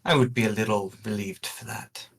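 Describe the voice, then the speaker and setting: A man's voice: lowish voice, steady tone, normal speed, husky, rough recording. A man playing in a tabletop game, making dry, sardonic remarks in character. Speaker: player.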